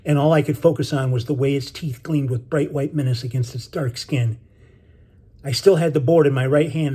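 A man reading his own novel aloud in steady, measured scripted narration. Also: medium pitch, slightly rough.

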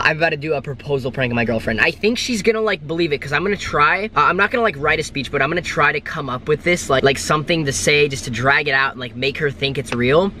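A young man vlogging to a handheld camera, excited and rambling with lots of filler words, moving between a car, shops and a holiday room. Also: mid-range voice, a little hiss or hum. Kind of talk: casual vlog to camera.

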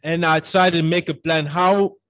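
High-voiced Cameroonian man telling a dramatic story. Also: steady tone, moderate pace, fairly bright tone. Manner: dramatic storyteller, acts out his own past dialogue. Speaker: podcast guest. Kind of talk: storytelling in casual conversation.

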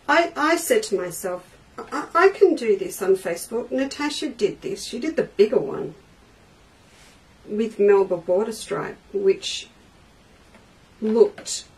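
In an indoor craft studio, a woman who hosts for a quilting shop chats with viewers during a live crafting demo, reading their comments aloud as she goes. Her voice is gravelly and mid-range, and the distant mic adds faint noise.

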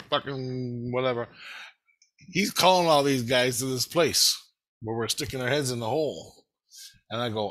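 A man speaks in a bright, forceful voice, telling a story casually and at length. His delivery rambles and is excitable and full of profanity, at a middle pitch. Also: moderate pace, pauses often, poor audio.

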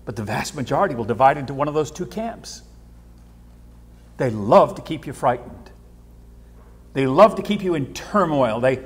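A man preaching a sermon as pastor, animated, repeating words and swinging between hushed and loud. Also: a little high, slightly rough. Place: church sanctuary. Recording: church hall with long reverb.

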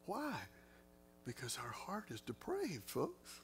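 A man's voice: fairly high pitch, huge pitch swings, slow, a bit bright, a little hiss or hum. A man, a pastor teaching a Bible study in an earnest, conversational way, his voice leaping up for emphasis. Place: church.

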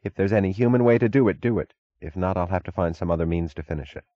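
A man's voice: low-pitched, fast, no room sound, dull audio, natural voice. A man voicing a determined female railroad executive who speaks evenly and directly. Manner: even, direct, businesslike.

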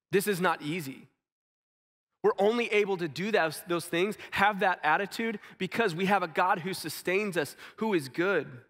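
A man preaching a sermon in a church, earnest, acting out quotes and dropping softly into stories. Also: high voice, normal speed, in a large hall. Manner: earnest, acts out quotes, drops to soft tones for stories. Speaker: pastor. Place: church sanctuary.

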